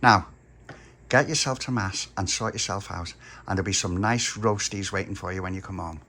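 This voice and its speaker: A man voicing a bossy, loving working-class mum who scolds briskly. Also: low voice, pushed and bright, slight background noise. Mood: firm.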